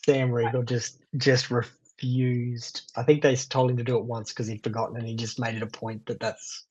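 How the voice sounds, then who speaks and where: A man's voice: mid-range voice, level tone, normal speed, a little mellow, slightly rough, lo-fi sound. A man narrating as game master, chatty, laughing often and wandering off into digressions.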